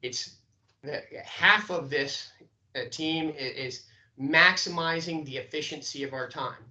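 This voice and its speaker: Emphatic bright-voiced male sales trainer. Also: a little high, a little slow, poor audio. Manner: emphatic, coaching, asks "okay?" often. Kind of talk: training lecture.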